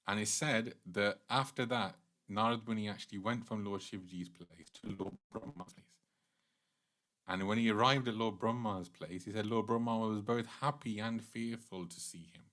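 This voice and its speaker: A man giving a casual devotional class, telling a sacred story in a conversational way with light laughs and animated asides. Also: lowish voice, normal speed. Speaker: temple class speaker.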